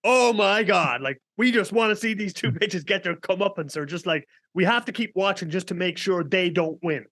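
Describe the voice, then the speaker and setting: An Irish man hosting a podcast, recapping events in an excitable way, swearing freely. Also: high-pitched, brisk, few pauses, no room sound, studio quality. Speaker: podcast host. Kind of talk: casual podcast chat.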